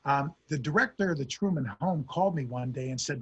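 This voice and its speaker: A man's voice: mid-range voice, fairly quick, hardly any pauses, slightly rough. A middle-aged man, a historian, giving a storytelling lecture and acting out the quotes in a raised voice.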